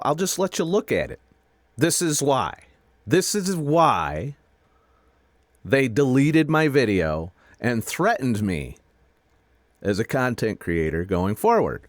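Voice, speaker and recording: A man's voice: medium pitch, very animated, no room sound. Middle-aged guy venting mad at his viewers, lots of swearing, voice jumps all over, dry close sound. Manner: angry, profane, halting with restarts. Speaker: video creator. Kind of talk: frustrated personal rant to camera.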